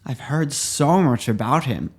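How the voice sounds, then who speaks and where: A man voicing an excitable young flying carpet rider who gushes over what he sees and then panics as he falls. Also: medium pitch, measured pace, husky. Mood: gushing.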